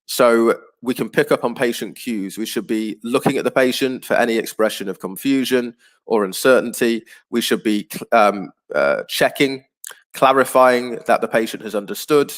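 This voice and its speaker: Patient male teacher explaining slowly. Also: on the low side. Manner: patient, explanatory, with frequent fillers. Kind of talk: online class lecture.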